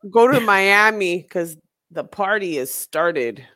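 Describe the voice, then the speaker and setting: A woman's voice: mid-range voice, takes it slowly. A woman co-hosting a casual chat, brash and joking, with plenty of swearing. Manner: brash, animated, swearing jokes.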